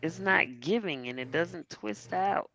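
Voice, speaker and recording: A woman in a casual stream chat, animated and laughing with friends. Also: lowish voice, unhurried, gravelly, a little hiss or hum, poor audio.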